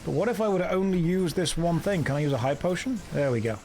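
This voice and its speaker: A man's voice: on the high side, expressive, fast, a little mellow. A man streaming a video game, giving sarcastic, jokey running commentary.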